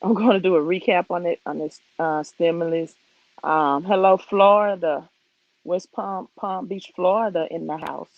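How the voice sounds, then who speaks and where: Gravelly-voiced woman with a Mississippi accent. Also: lowish voice, steady tone, normal speed, no echo, phone-quality sound. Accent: Mississippi Southern. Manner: chatty, loose and conversational, greeting viewers as she goes. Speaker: host of a credit and finance live stream. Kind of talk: casual live-stream chat. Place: outdoors. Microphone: phone.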